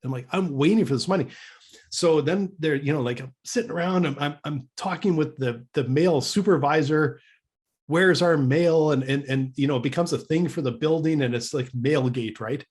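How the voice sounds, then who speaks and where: A man's voice: fairly high pitch, brisk, few pauses, slightly rough. A man from Canada co-hosting a podcast, telling a story casually, with many restarts and acting out the dialogue. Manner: animated storyteller who acts out quoted dialogue; frequent restarts and stammered repeats. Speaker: podcast co-host.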